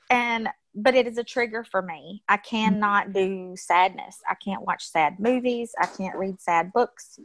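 A woman's voice: mid-range voice, unhurried, few pauses, a bit bright. A woman speaking as a podcast guest, blunt and outspoken, swearing freely in casual conversation. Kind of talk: casual interview chat.

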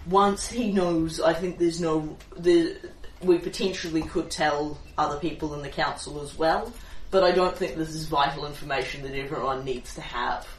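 A player in a tabletop game, talking through decisions in a thoughtful, deliberate way. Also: medium pitch, steady tone. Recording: roomy, distant mic, faint noise.

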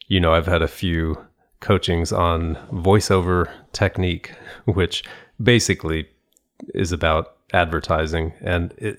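A man co-hosting a casual conversation, telling stories in a thoughtful, rambling way with frequent restarts and laughs. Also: low voice. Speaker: podcast co-host.

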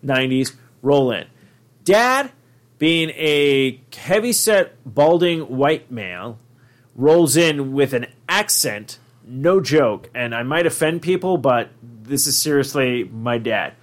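A man's voice: mid-range voice, animated, takes it slowly. A man hosting a podcast, telling a long comic story in a rambling way, full of fillers and casual swearing. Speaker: podcast host.

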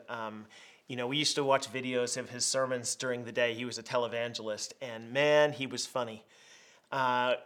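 A middle-aged man preaching a conversational sermon, telling stories in a lively, plain-spoken way. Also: mid-range voice. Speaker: pastor.

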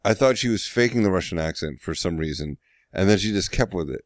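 A man's voice: sits low, animated, quick pace, no room sound. A man co-hosting a casual chat, throwing in teasing, dry jokes. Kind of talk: casual podcast banter.

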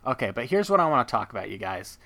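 A male podcast host chats in a rambling, enthusiastic flow, full of asides and fillers. His voice is bright and forward. It sounds dry and close to the mic. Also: mid-range voice, very animated, fast talker, gravelly, no echo. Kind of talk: casual chat.

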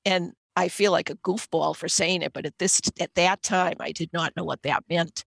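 A woman's voice: on the low side, fairly even intonation, moderate pace, gravelly, a bit bright, no room sound. A middle-aged woman with a Boston accent, telling a personal story earnestly as a podcast guest.

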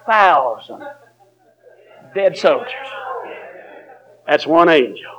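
Guy preaching, pretty high voice, folksy storytelling w chuckles and loud bursts. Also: animated, takes it slowly, long pauses, poor audio. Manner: folksy storytelling, chuckling, rising to emphatic shouts. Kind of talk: sermon.

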